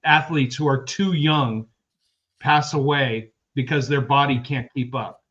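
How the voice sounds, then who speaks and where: A man's voice: mid-range voice, steady tone, unhurried, a bit bright. Man telling stories on dull lo-fi audio. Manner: rambling anecdotal storytelling. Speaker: podcast co-host. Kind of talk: casual sports podcast chat.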